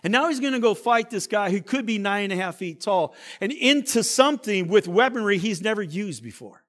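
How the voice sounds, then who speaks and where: A male pastor preaching a sermon, dramatic, swinging between loud emphasis and quiet asides. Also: high-pitched, lively intonation, fairly quick.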